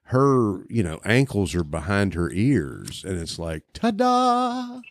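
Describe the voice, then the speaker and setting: Animated man telling stories on a podcast. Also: sits low, a little slow, no room sound, studio quality. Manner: animated, laughing storyteller with many restarts. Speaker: podcast co-host. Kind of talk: casual podcast chat.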